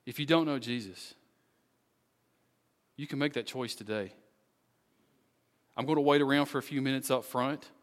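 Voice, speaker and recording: A man preaching as pastor at the end of a sermon, earnest and pleading, with slow, deliberate phrasing. His mid-range voice rings with the long reverb of a church sanctuary. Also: mid-range voice, fairly even intonation. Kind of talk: sermon closing and prayer.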